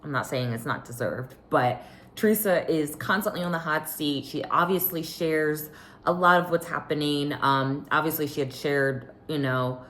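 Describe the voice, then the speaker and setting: A woman's voice: deep voice, normal speed, slight background noise. A young woman casually recapping a reality show, chatty and opinionated. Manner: chatty, opinionated, animated quoting. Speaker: recap vlogger.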